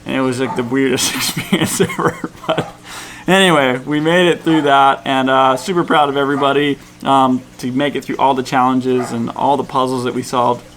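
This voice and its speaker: A man's voice: medium pitch, steady tone, moderate pace, fairly bright tone. A man vlogging about a canyoning trip, talking in a laid-back, rambling way with plenty of fillers. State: cold and tired. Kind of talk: casual vlog storytelling. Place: outdoors in a jungle canyon at dusk.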